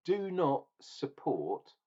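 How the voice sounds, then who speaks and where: A man's voice: fairly high pitch, wildly swooping pitch, drawn-out words, darkish tone, husky, highs cut off. A man ranting and tasting beer in a casual review vlog, opinionated and swearing now and then.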